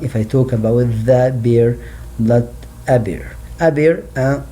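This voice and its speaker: A man teaching slow classroom French lesson. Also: mid-range voice, dark tone. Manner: slow, repeats words for learners.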